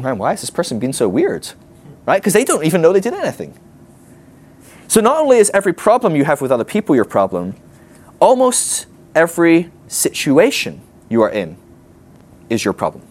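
A man teaching a ministry class in a conversational way, often acting out what people might say to themselves. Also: mid-range voice. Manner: animated, conversational, acts out quoted inner voices.

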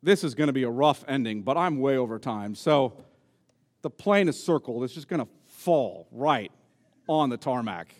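A man's voice: mid-range voice, animated, moderate pace, darkish tone. A man preaching a sermon as pastor, emphatic and repeating key words for stress. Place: church sanctuary. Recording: long reverb of a church hall.

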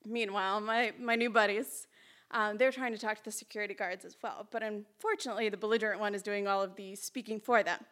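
A woman telling a personal story at a live storytelling event, chatty, lively and self-mocking, on a stage mic in a small hall. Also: medium pitch, fast talker.

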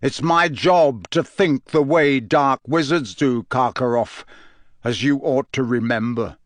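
A man reading aloud and voicing a gruff, paranoid old male wizard in a growling, menacing manner. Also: medium pitch, unhurried, no room sound, lightly acted.

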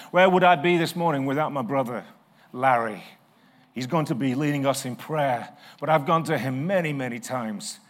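A middle-aged male pastor with a slightly high voice preaches a sermon, shifting between soft, slow stretches and loud, emphatic ones.

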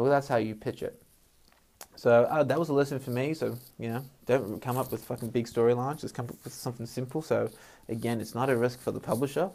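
A man's voice: medium pitch, darkish tone. A man talking casually on his own show, frank and full of swearing, venting his frustration. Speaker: podcast host. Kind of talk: casual solo monologue.

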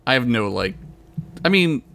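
A man's voice: mid-range voice, very animated, moderate pace, gravelly, pushed and bright. A man co-hosting a casual podcast, laid-back and jokey, full of "like" fillers and the odd swear word. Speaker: podcast co-host. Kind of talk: casual chat.

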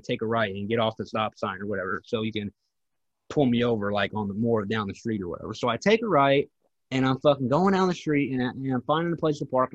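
A man's voice: medium pitch, no echo, highs cut off. A man co-hosting a podcast, telling a rambling, profanity-heavy story in casual chat. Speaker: podcast co-host.

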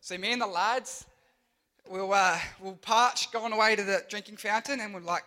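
An animated young man preaching to youth, with a high voice. He tells Bible stories in a lively, joking way, throwing in sound effects and silly voices. His tone is bright and forceful. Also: normal speed. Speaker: youth pastor. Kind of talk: energetic youth sermon.

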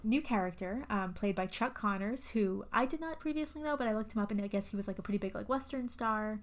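A woman's voice: mid-range voice, lively intonation, fast. A woman co-hosting a podcast, recapping a film in casual chat and rambling with many "um"s and "like"s. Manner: rambling, full of "um" and "like". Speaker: podcast co-host.

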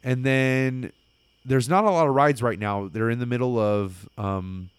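Casual-chat male storyteller, excitable and rambling, smooth dry sound. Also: medium pitch, measured pace, no echo.

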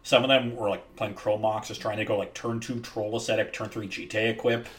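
A man's voice: on the low side, level tone, a little fast, fairly bright tone. A man chatting casually, matter-of-fact and knowledgeable. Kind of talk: casual chat about card games.

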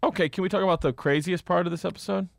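A young man co-hosting a podcast in casual chat, animated, ranting and teasing his friend. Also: high-pitched, creaky, no echo, clean studio sound. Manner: animated, quick to rant and tease. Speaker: podcast co-host.

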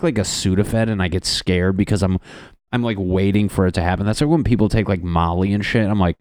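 A man's voice: on the low side, a little mellow, dry recording, clean studio sound. A man doing a casual, crude comedic monologue as a podcast host, rambling and laughing at his own jokes.

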